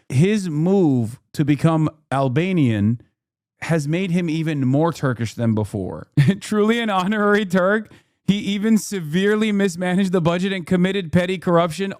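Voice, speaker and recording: Male streamer, sarcastic ranter, pitch sits a touch high; jumps loud when mocking. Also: no echo, studio quality. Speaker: streamer reacting to clips. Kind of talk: casual profane commentary.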